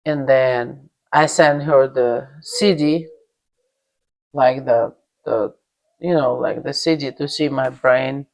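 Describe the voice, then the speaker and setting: A woman's voice: extremely low pitch, slow, creaky, darkish tone. A young woman from Russia with a Russian accent, bluntly telling a personal story and swearing freely. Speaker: vlogger.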